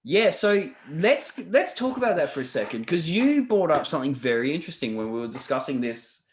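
A man's voice: a little high, very animated, fairly quick, slight background noise. Rambling man in an echoey room. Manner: rambling, swears a lot, many fillers and restarts. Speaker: podcast co-host. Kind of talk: casual podcast chat. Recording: roomy echo.

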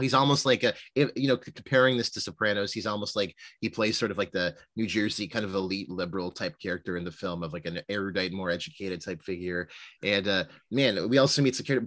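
Male podcast co-host, lowish voice, rapid rambling chat, dry close mic. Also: fairly even intonation, a bit bright, dry recording. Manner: rambling, lots of fillers and retold movie lines. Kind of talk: casual film discussion.

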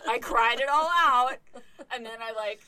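A woman and parent telling a funny story in casual chat, expressive and swearing freely. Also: on the high side, a little slow. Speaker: podcast co-host and parent.

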